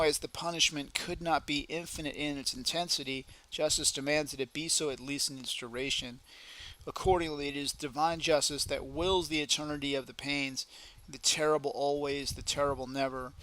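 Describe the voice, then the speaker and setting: Pleading pious woman at prayer, earnest and measured, a guy reading her lines. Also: on the high side, bright, forceful tone.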